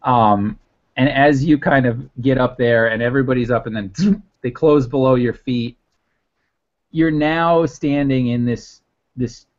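Game master, male, unhurried and rambling narration, muffled lo-fi sound. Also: medium pitch. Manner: rambling, many fillers. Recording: dull lo-fi audio.

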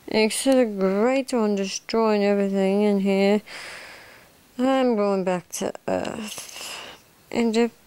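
A woman voicing a smug male cannibal mastermind in an amateur role-play monologue, slipping into soft whispers. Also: medium pitch, smooth, natural voice. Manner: slow, drifting into soft whispers.

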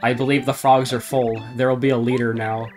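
A man reads mangled game text aloud over a live stream, deadpan and theatrical by turns. His pitch and pace sit in an everyday middle range. Faint game music plays under him. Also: brisk. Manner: reads deadpan, breaks into laughter. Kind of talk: comedic dramatic reading of garbled game dialogue.

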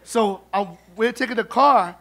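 A middle-aged man telling funny, animated stories at a memorial service, acting out the dialogue. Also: high voice, a little slow, a little hiss or hum. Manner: humorous, animated, acts out dialogue. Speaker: son giving a eulogy. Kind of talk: storytelling eulogy at a memorial service.

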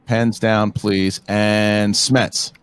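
A man hosting a trivia match, reading out questions and counting the seconds in a measured, unhurried way. His voice sits low, and he takes his time with every word. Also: level tone, smooth, no echo.

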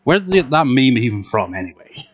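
A man's voice: medium pitch, big pitch swings, moderate pace, muffled recording, a little hiss or hum. Sweary man commentating a game. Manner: exasperated, sweary, sarcastic. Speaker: let's play gamer. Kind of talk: gameplay commentary. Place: home room with a cat. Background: game music.

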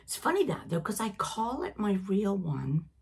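A woman's voice: medium pitch, sing-song, normal speed, gravelly, husky. A middle-aged woman from Britain with a Canadian-sounding accent, hosting a knitting podcast in a rambling, chatty way that drifts off on tangents. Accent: Canadian-sounding English. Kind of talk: casual chat.

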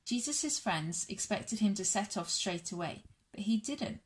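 In a church all-age session, a woman reads a Bible story aloud to children and families. Her delivery is measured and warm, and her mid-range voice is expressive.

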